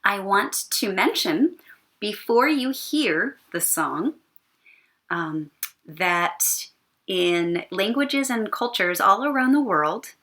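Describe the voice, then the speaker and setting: Animated, sing-song woman teaching children. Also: medium pitch, slow. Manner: animated, sing-song, playful sound effects. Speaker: elementary music teacher. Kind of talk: recorded lesson for young children.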